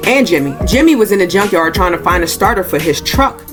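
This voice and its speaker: Over background music, a woman talks fairly quickly and expressively while giving a casual movie review and plot recap. She's informal, uses "y'all," and performs characters' lines with rising pitch in a raised voice.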